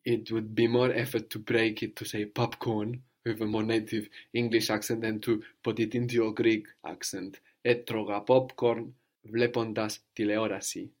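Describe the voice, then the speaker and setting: A man's voice: lowish voice, little pitch movement, moderate pace. A man giving a patient one-to-one language lesson, prompting his student with questions and repeating the answers. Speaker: language teacher.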